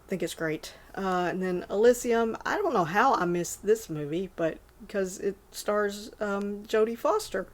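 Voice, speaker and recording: A woman's voice: medium pitch, unhurried, hardly any pauses. A woman in her forties casually rambling about favorite movies, full of fillers and self-corrections. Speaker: movie list vlogger.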